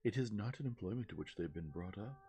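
A man in a soft-spoken ASMR reading, voicing a good-humoured middle-aged mother, calm and gently amused. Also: lowish voice, fast talker, pitched above the performer's own voice.

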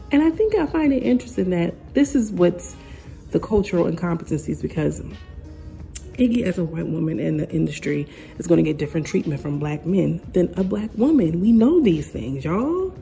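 A woman vlogger giving sassy, blunt opinion commentary in casual talk. Her voice sits a bit low, with a warm, mellow tone. She talks straight to her viewers, with faint music underneath. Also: expressive, fairly quick, creaky.

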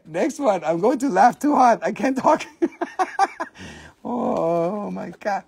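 A man with a high voice hosts a live crystal sale in a loose, joking way. He swears freely and breaks into giggles, and his tone has a gravelly creak. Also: sing-song, slow, a little mellow. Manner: giggly, profane, jokey storyteller. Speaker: host of a live crystal sales stream. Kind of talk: casual live sales chat.

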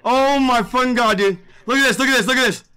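A man's voice: very high-pitched, fast, pushed and bright, clear, resonant tone. A man talking live to his stream viewers, swearing often and repeating his exclamations.

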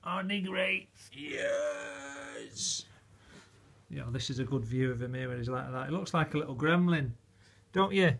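At home indoors, a vlogger with a gravelly mid-range voice talks fast in a steady tone. Filming a casual home vlog, he coos doting baby talk at his new puppies and chuckles often.

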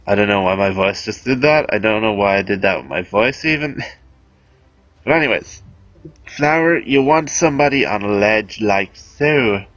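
Game guide host: man, unhurried, offhand and chatty, dull dry home mic with faint music underneath. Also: mid-range voice, a bit bright, no echo. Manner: chatty, offhand, self-amused. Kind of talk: casual gameplay commentary.

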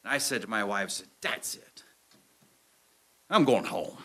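A man's voice: lowish voice, fast talker, pushed and bright. A man preaching a sermon, telling a story to a church congregation and acting out the scenes as he goes. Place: church sanctuary with audience. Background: audience laughter.

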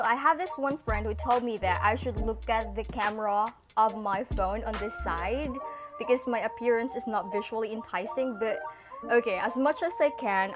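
A woman with a Filipino accent and a lisp, chatting casually to camera through an earphone mic, giggly and apologetic. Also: a little high. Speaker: vlogger. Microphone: earphone with built-in mic. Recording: music playing underneath.

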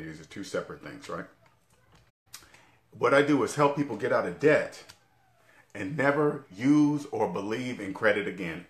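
A man's voice: fairly low pitch, normal speed, fairly bright tone, echoey room, a little hiss or hum. A man in his forties giving an emphatic, profane talk straight to camera on a casual finance vlog, often checking in with "all right?". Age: 40s. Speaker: debt-free finance vlogger. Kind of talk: casual talking-head rant.

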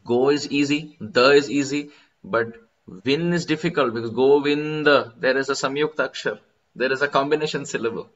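A man delivers a devotional lecture, moving between plain explanation and expressive chanted verses. His voice sits in a middle pitch. The recording is somewhat dull and lo-fi. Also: normal speed. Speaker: spiritual teacher.

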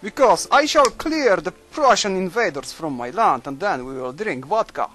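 A man's voice: lively intonation, moderate pace, soft background music. A man faking a boastful Russian commander's accent. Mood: grandiose. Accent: put-on Russian. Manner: bold proclaiming, louder and higher. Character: boastful male Russian commander, proud and rousing.

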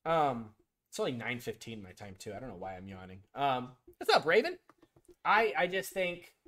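Casual and rambling, a man on a live stream works through sports picks, replying to viewers by name with blunt, slightly crude opinions and many ums and restarts. His medium-pitched voice swings widely in pitch, moves a little fast, and has a sharp tone.

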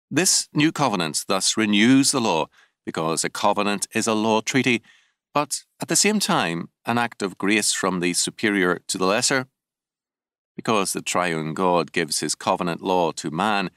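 A man narrating an audiobook of a theological text in a measured, deliberate reading, lifting key words for emphasis. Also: lowish voice, fairly bright tone, clear, resonant tone, no room sound, studio quality.

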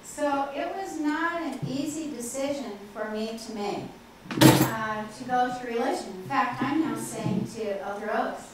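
A woman's voice: fairly high pitch, measured pace. Chatty older woman in an echoey hall. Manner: chatty, frequent "okay" and "uh" fillers, laughs at herself. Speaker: professor giving a faculty talk. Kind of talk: anecdotal lecture. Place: large lecture hall with audience. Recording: very echoey hall, distant, faint hiss.

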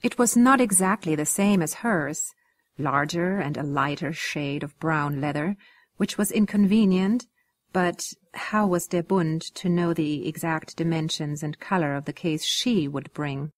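A woman narrating a novel excerpt in a steady, even storytelling manner. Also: low voice, measured pace. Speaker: audiobook reader. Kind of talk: scripted narration.

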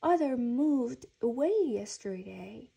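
A woman's voice: on the high side, animated, slow pace, creaky, mellow, breathy edge, exaggerated voice. A woman voicing a friendly young bear in a storybook, eager and upbeat.

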